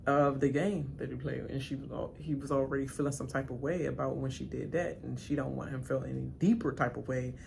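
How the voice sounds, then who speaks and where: Gravelly-voiced woman reacting to a show. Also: fairly quick, few pauses, noisy background. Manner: slangy, talks back to the screen; animated, pitch jumps high when emphatic. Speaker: reaction channel host. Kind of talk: live reaction commentary.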